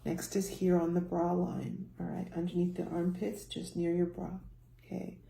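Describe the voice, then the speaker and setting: A woman with a low, gravelly, mellow voice guides a tapping exercise step by step. She speaks calmly and instructively, now and then dropping softer to voice the listener's self-talk. The recording sounds echoey, as if in a bare room. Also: normal speed. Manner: calm, instructive, softly voicing example self-talk. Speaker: personal success coach.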